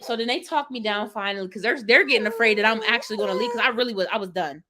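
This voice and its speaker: A young woman vlogger telling a story casually to her live chat, lively and laughing as she acts out what she said. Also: on the high side, rapid-fire, noisy background. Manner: animated, laughing, dramatic retelling with quoted exclamations.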